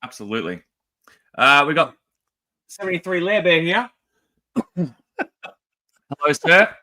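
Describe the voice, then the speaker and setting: A man's voice: fairly high pitch, slow. An Australian man co-hosting a casual toy livestream, joking around and greeting people in the chat one after another. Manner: lively, jokey, rattling off greetings.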